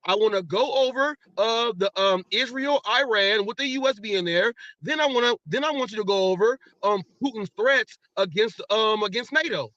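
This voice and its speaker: A man's voice: high-pitched, moderate pace, few pauses, a bit bright, no room sound. An American man hosting a live podcast, arguing heatedly with a guest, repeating himself and taunting him. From United States. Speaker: podcast host. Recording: dull lo-fi stream audio.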